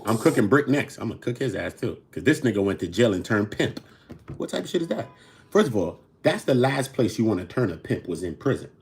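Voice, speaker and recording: A man from New York with a New York accent hosting a casual commentary show, swinging between loud outbursts and low mutters. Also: very animated, fairly quick, gravelly. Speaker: host.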